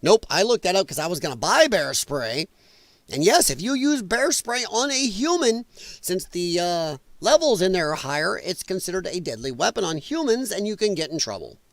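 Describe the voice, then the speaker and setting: A man from the American Midwest hosts a political commentary stream, ranting sarcastically and profanely while mockingly mimicking others. His voice sits high with big swings in pitch, he talks at a normal speed, and the recording has no room sound.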